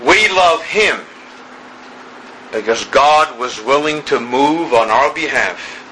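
A man preaching an evening sermon, slow and emphatic, building through repeated phrases. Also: medium pitch, expressive, sharp tone, slight background noise, rough recording.

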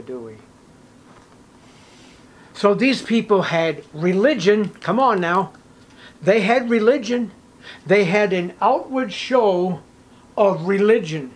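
High-voiced, emphatic male preacher. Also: low-quality recording. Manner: emphatic, swings from hushed to raised. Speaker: pastor. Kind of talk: sermon.

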